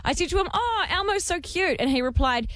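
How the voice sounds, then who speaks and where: A woman's voice: very high-pitched, expressive, brisk, fairly bright tone, no room sound. A woman co-hosting a radio show, chatting, laughing often and reading listener texts aloud. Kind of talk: casual radio banter.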